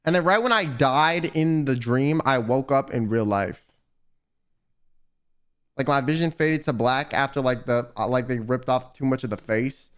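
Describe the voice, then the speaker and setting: This young streamer's voice is smooth and medium-pitched, and he takes his time. He reads viewer confessions aloud and reacts with profane, exasperated remarks, all in casual livestream commentary.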